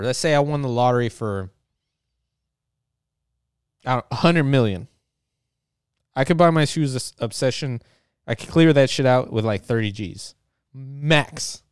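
A man's voice: medium pitch, measured pace, pauses often, smooth, dry recording, clean studio sound. A man talking in a casual, rambling monologue, joking and swearing often, with lots of filler words. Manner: profane, joking, full of fillers.

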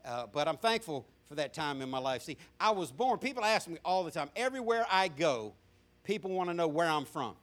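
Southern man, middle-aged pastor, folksy sermon storyteller, bright tenor voice. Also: a little high, lively intonation, a little fast. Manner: folksy storytelling with repeated restarts. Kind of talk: sermon testimony. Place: church sanctuary with congregation.

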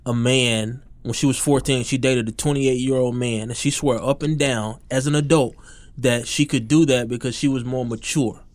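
A man's voice: mid-range voice, moderate pace, no echo. A man in his thirties, a podcast co-host and filmmaker, chatting bluntly and casually with friends, swearing freely as he tells stories. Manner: blunt, animated storytelling, cursing. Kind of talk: casual chat.

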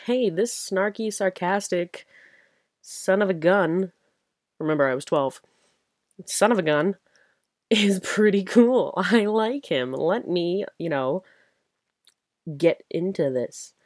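A woman's voice: fairly low pitch, darkish tone, dry recording, clean studio sound. A young woman hosting her own podcast, chatting casually and rambling with giggles and enthusiasm, tired late at night. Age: young adult. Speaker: podcast host. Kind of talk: casual solo fan chat.

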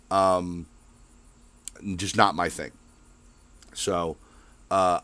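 A man's voice: on the low side, no echo. A man hosting his own show, ranting in a casual, rambling monologue full of swearing and filler words. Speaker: podcast host.

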